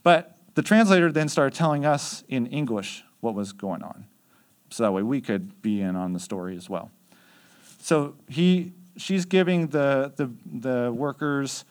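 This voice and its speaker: Guy telling church trip stories, loose and chatty, lots of "like" and "uh", middle pitch. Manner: conversational, chatty with many fillers. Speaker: youth mission trip leader. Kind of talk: casual storytelling.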